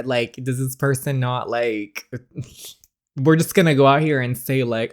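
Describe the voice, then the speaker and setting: A man's voice: medium pitch, measured pace. A man giving casual, joking commentary while playing a story game as the channel host. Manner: chatty and joking, with laughs.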